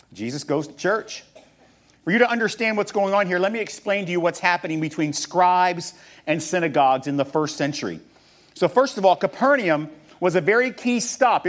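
A man with a fairly high voice delivers a sermon. He teaches in a steady preaching style, posing rhetorical questions and reading passages aloud. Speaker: pastor.

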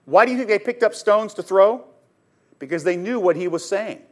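A man teaching a sermon on scripture, telling the story dramatically and emphatically, swinging between loud and hushed, and putting questions straight to his listeners. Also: high voice, normal speed. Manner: addresses listeners directly with questions. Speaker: Bible teacher.

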